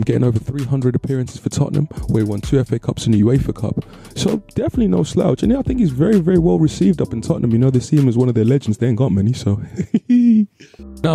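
A man's voice: medium pitch, dark tone, breathy edge. A young English man hosting a casual history vlog, talking in slangy, joking bursts of hype. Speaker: host.

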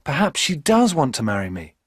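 Guy doing a poor young student in love, earnest, lively voice. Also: fairly high pitch, a little fast, breathy edge, no room sound, studio quality, voice pushed up, heavily acted. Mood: hopeful.

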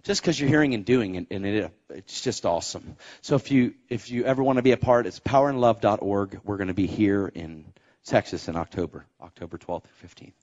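A man preaching and telling a testimony story, animated, acting out the voices of people in his story and rising to shouts as he exhorts. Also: lowish voice, fairly quick, dull audio. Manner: animated, acts out quoted voices. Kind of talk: sermon storytelling.

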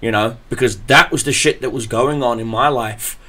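A man hosting a podcast, telling a story in a profane, animated way. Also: mid-range voice, normal speed. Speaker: podcast host. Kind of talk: casual podcast chat.

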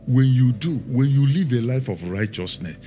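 A man's voice: mid-range voice, animated, dark tone. Middle-aged man, pastor, storytelling sermon, emphatic, mid-range voice, faint music underneath. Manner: storytelling, emphatic with drawn-out words.

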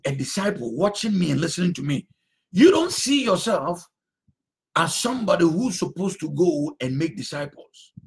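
Male pastor, unhurried sermon delivery with animated intonation and emphatic repetition. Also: fairly high pitch. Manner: emphatic, repeats phrases, sometimes shouts.

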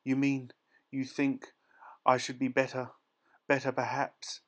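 A man's voice: mid-range voice, monotone, measured pace, pitched above the performer's own voice, close to an everyday voice. A man voicing a passionate young lover. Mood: tender pleading. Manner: earnest, pleading, rising to emphasis.

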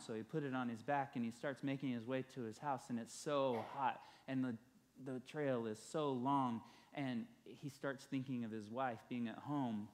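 A man's voice: mid-range voice, a little mellow. A male pastor preaching a sermon, telling a story and building emphasis through repeated phrases.

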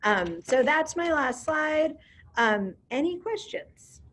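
A woman's voice: high-pitched, sing-song, slow, a bit bright. A woman directing a program, speaking in a casual, upbeat way with frequent ums during an online information session.

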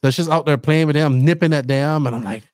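A middle-aged man hosting a podcast, telling rambling, animated stories in casual chat. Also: fairly high pitch, quick pace, no room sound, studio quality. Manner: rambling, animated storytelling with laughs. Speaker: podcast host.

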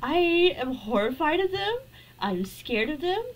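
Nervous and scared while playing a game on stream, a young woman shrieks at spiders and then rambles on casually. She speaks a little slowly in a high, sing-song voice, and the audio is poor.

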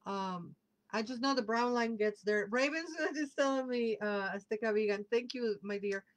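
A woman hosting a casual livestream, chatting warmly and reading out viewer comments as they come in. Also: on the high side, moderate pace, low-quality recording. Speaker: livestream host and tarot reader.

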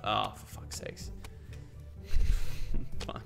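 A man's voice: a little high, expressive, normal speed, fairly bright tone, faint music behind. A young man giving casual let's-play commentary, swearing often and talking through his plans aloud. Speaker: gaming YouTuber.

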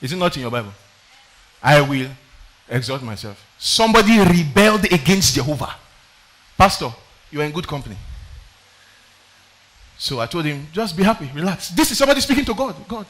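A man's voice: high-pitched, sing-song, brisk, long pauses, fairly bright tone. A man preaching a sermon, reading scripture aloud with dramatic emphasis and calling out for the next verse. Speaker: pastor.

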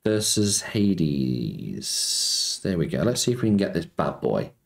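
A man's voice: deep voice, big pitch swings, fast talker, creaky, darkish tone. Chatty man streaming slots with roomy echo. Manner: chatty, reads chat aloud and answers viewers, says mate a lot. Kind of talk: casual live-stream chat. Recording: roomy echo with music behind.

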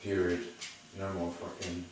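A man's voice: deep voice, completely flat delivery, unhurried. A man ranting to the camera, full of profanity. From England. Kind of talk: monologue to camera. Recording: echoey room, far from mic, noisy.

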